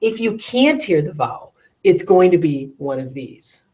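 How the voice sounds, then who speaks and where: A woman with a lowish, dark-toned voice teaches phonics in a sing-song way on a recording for classrooms, elongating each sound slowly and asking rhetorical questions to check in. The audio is poor.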